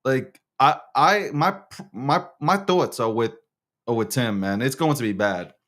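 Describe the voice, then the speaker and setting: A man's voice: mid-range voice, unhurried, a bit bright. A man hosting his own show, talking in a casual, slangy monologue with lots of stammered restarts. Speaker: show host.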